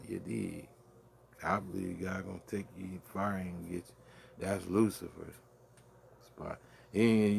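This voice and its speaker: Slow gravelly-voiced grieving man. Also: low voice, slight background noise. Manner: profane, meandering, restarts often. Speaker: vlogger. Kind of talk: late-night rambling monologue.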